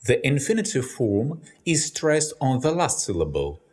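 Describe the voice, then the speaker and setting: A man with a Russian accent, a native Russian speaker, giving a scripted language lesson with careful, deliberate explanations. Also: medium pitch, very animated, a little mellow. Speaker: language teacher.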